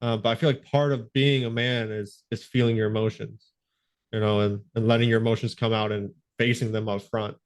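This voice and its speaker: A man's voice: lowish voice, flat delivery, fairly quick, smooth. A man hosting a podcast, talking reflectively in casual conversation and leaning often on "like" as filler. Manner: reflective, leans heavily on "like" as filler. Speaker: podcast host.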